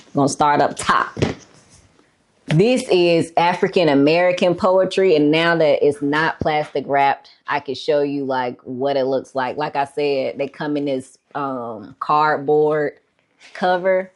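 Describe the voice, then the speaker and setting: Low-voiced and slow, a woman vlogger does a casual show-and-tell of her book collection. Her talk is laid-back and chatty, somewhat breathless, packed with fillers, with "y'all" popping up here and there.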